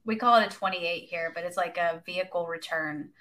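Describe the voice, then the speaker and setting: A woman's voice: on the low side, a little fast, fairly bright tone. A woman, a police officer on a podcast, telling her own story in a wry, casual way.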